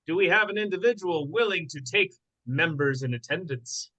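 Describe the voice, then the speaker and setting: A man's voice: fairly high pitch, lively intonation, moderate pace, sharp tone, muffled recording. A man presiding over a board meeting, hamming it up with theatrical, mock-indignant pirate speech. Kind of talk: playful meeting chair with mock pirate talk.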